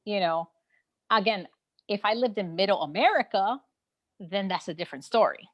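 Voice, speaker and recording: A woman speaks with a Brooklyn, New York accent as a guest in a casual online chat. She is frank and animated, and she laughs easily and uses plenty of fillers. It sounds like a video call. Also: mid-range voice, normal speed, lo-fi sound. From New York City. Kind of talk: casual conversation on a live online session.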